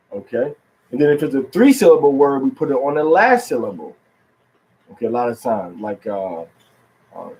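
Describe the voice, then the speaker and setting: Teaching religion informally at home, a man with a medium-pitched, darkish voice and lively intonation asks his listeners questions and repeats key words. He reads scripture aloud slowly, stressing every syllable, on a low-quality recording.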